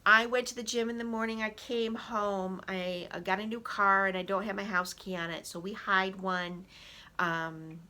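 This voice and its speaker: A woman with a bright, forward voice gives a motivational talk as an emotional wellness coach. She speaks straight to her listeners, calling them "people", and slips into animated little performances of angry inner thoughts. Her delivery is lively and coaching rather than formal. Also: mid-range voice, normal speed. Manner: direct, addresses listeners as "people".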